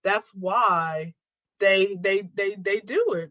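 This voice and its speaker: A woman comedian guesting on a podcast, telling stories in a lively, animated way in casual chat. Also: slow pace, no room sound, dull audio. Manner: animated storyteller with big pitch jumps.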